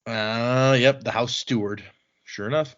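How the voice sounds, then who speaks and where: A man co-hosting a casual book podcast, animated and quick to laugh. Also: mid-range voice, lo-fi sound. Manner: animated, laughs easily, acts out quotes. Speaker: podcast co-host. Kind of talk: casual book discussion, reading aloud.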